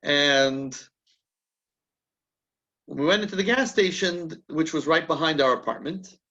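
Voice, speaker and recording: A man's voice: fairly high pitch, unhurried, sharp tone, dull audio. A man leading a rabbinic class, telling a story in a chatty way and often restarting his sentences as he thinks aloud. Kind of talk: conversational teaching with anecdotes.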